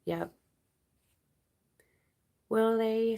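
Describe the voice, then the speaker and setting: A woman's voice: fairly low pitch, steady tone, slow, creaky, pauses often. A woman from Canada hosting a late-night livestream, chatting casually and reading viewer comments aloud in a rambling way. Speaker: livestream host.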